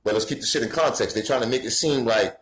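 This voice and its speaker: In a rough recording from an echoey room, a mid-range male voice rattles off a fast rant to camera. The speaker is a Bronx commentator with a New York accent, swearing heatedly and building to shouts.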